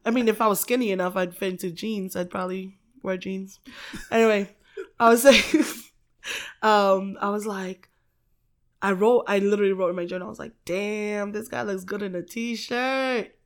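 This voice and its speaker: A woman in her twenties telling stories in a casual chat, animated and laughing a lot, in a small apartment. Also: medium pitch, fairly quick.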